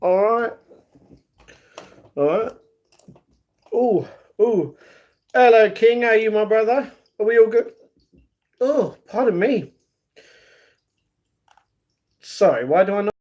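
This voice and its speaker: A man's voice: high-pitched, lively intonation, takes it slowly, long pauses, dull audio. A young British man hosting a casual live stream, chatty and playful, greeting viewers by name and breaking into improvised rhymes. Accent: British English.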